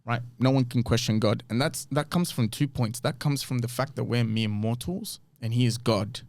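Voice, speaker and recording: A man's voice: medium pitch, steady tone, normal speed, a little mellow. A man hosting a podcast, reading scripture aloud and explaining it earnestly, with frequent rhetorical questions. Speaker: podcast host. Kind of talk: bible teaching talk.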